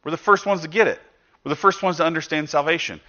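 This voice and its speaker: A pastor preaches in a bright, forceful voice that is fairly high, and he talks fast. He speaks conversationally, asks rhetorical questions and acts out quoted speech with sudden bursts of loudness, on a dull, lo-fi recording.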